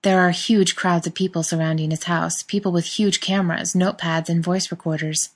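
A woman reading a story aloud in a steady narrating voice. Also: fairly low pitch, fairly quick. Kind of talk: scripted narration.

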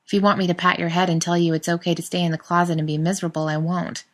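A woman's voice: on the low side, level tone, very fast, close to an everyday voice. A woman voicing a dry, wry man. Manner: mild, wry, matter-of-fact. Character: dry sarcastic male friend.

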